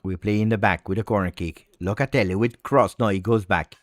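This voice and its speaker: A man hosting a live watch-along, reacting to a football match and swinging between low muttering and excited shouts. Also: a little fast, dry recording, studio quality. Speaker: fan host.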